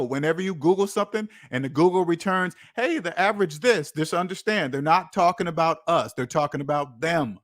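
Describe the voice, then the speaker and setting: On his finance channel, a man rants casually in a livestream, sounding incredulous and repeating lines for emphasis. His voice is a little high and a bit bright.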